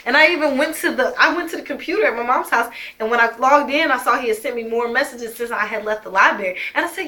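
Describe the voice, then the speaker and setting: A woman's voice: high-pitched, fast, hardly any pauses, pushed and bright. A young woman telling her own story as a mother, emphatic and heated, swearing often. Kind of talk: emotional personal storytelling.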